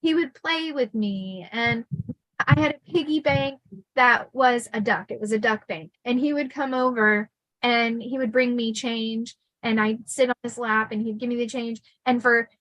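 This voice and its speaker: A woman's voice: on the high side, measured pace, fairly bright tone, no echo, poor audio. A middle-aged woman telling stories from her life in a casual chat, laughing often and restarting sentences. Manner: chatty, laughing, many fillers and restarts. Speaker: podcast host telling her life story.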